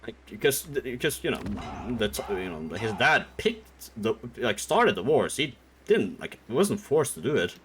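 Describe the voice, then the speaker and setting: A man's voice: medium pitch, very animated, normal speed, fairly bright tone, slight background noise. A young man streaming, retelling a story in a rambling, comedic way with lots of filler words and swearing.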